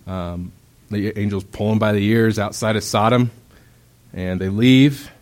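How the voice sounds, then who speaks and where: A young preacher's voice sits on the low side, fairly even in intonation and a little slow. He delivers his sermon conversationally, with plenty of filler words like "um," and brings quotations to life by acting them out in loud bursts.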